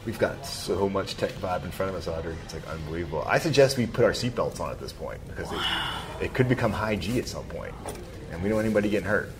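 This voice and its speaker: A man's voice: deep voice, expressive, fast talker. A male co-host talking in an enthusiastic, laugh-filled way on a radio show, recorded in a busy store. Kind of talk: upbeat radio show chat. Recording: crowd chatter behind.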